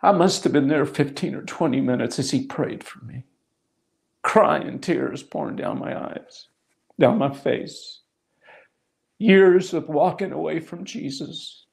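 A middle-aged man delivers a sermon, weaving a personal testimony into his teaching. His voice has a gravelly, rough edge, and he drives points home by repeating key phrases. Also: fairly high pitch, expressive, takes it slowly, a little mellow. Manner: storytelling, emphatic repetition. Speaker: pastor.

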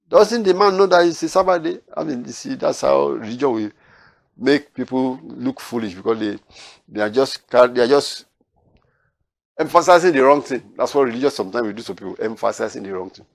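A male preacher teaching from scripture, pitched in an ordinary middle range for a man. He acts out the people in the passage, rising in loudness on key lines. The sound is dry, close and free of room echo. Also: a little fast, vocal fry. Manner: animated, acts out quoted voices with rising loudness. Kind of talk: Bible teaching.

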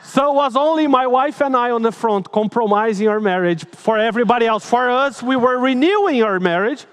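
A male pastor preaches an emotional sermon built on personal stories, animated and dramatic, moving between loud and hushed tones. His very high voice is smooth and fairly quick, and his English phrasing is slightly broken.

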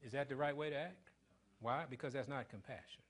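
Using a brisk, mid-range voice, a middle-aged pastor preaches a sermon that quizzes the congregation call-and-response style. He shifts back and forth between forceful, loud points and quiet, hushed lines.

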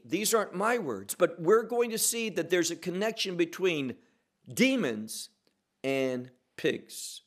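Slow, animated male Bible teacher. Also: sits high. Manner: slow, emphatic, asks and answers his own questions.

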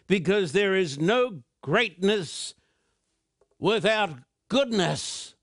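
A man preaches in a high, ringing voice. He draws out his words slowly and leans hard on each point. The sound is dry and close, with no room echo. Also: lively intonation, fairly bright tone. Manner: slow, emphatic preaching with drawn-out words. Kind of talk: broadcast sermon.

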